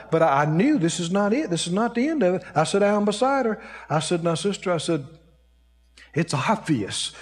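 Male preacher, high lively voice, storytelling sermon, long church reverb.

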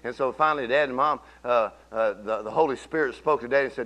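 A man's voice: mid-range voice, quick pace, hardly any pauses, a bit bright, rough recording. A middle-aged man preaching a sermon, telling folksy stories and rising into emphatic bursts.

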